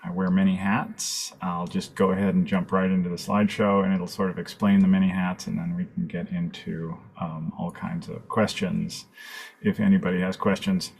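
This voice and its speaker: A man with a very low, husky voice gives a loose, casual talk to an online audience, wandering with fillers and side remarks. The sound comes through a computer mic on a video call. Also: normal speed. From California. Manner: relaxed, rambling, fillers and asides. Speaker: guest speaker, architectural photographer. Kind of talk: casual presentation.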